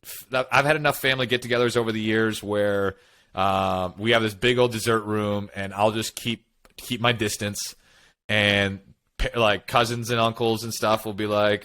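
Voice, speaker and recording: A man's voice: lowish voice, normal speed. A man co-hosting a podcast, telling personal stories in casual chat and acting out what he and others said. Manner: animated storytelling, quotes himself and others. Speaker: podcast co-host.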